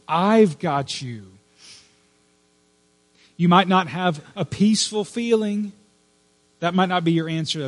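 A man preaching a sermon in an earnest, emphatic way, dropping to a hush at times. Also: high voice. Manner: earnest, emphatic with hushed pauses. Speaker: pastor.

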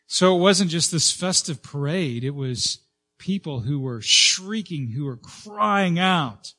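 Male pastor, slightly high voice, earnest sermon delivery, lots of "um"s, punches key words. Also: bright, forceful tone. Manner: earnest preaching with frequent "um" fillers and restarts; rising emphasis on key words, slowing for stress.

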